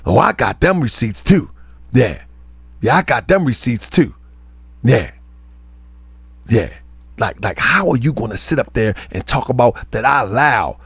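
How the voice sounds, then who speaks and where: A man's voice: mid-range voice, creaky, a bit bright, breathy edge, no echo. A man, a religious teacher and show host, delivering a heated, confrontational online rant full of scolding repetition.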